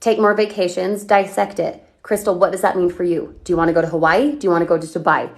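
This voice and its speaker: A woman coaching on a livestream, talking energetically and firing off questions at her viewers as she reads their comments. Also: lowish voice. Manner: energetic, chatty, asks rapid questions. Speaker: online business coach.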